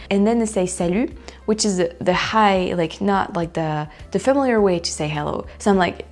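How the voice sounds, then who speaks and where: A woman from France with a French accent, speaking English as a second language in a casual, animated vlog chat, full of likes and restarts. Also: medium pitch, moderate pace. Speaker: vlogger.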